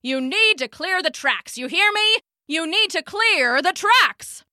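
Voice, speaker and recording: Storybook engineer, frantic and shouting, bright lively voice, read by a woman. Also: sits high, measured pace, dry recording, clean studio sound, heavily acted. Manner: shouted, urgent lines.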